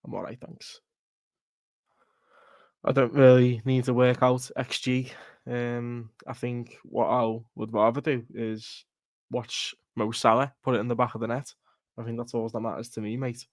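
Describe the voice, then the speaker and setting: Blunt, sweary streamer. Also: male voice, mid-range voice, flat delivery, measured pace, no echo, clean studio sound. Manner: blunt, sweary, laughing rants. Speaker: football watchalong streamer. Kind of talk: casual live stream chat.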